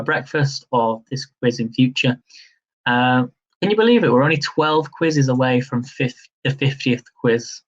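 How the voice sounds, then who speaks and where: A man's voice: mid-range voice, highs cut off. A man hosting a live-stream quiz, chatty and upbeat, laughing easily as he reads questions and counts down. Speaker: quiz host.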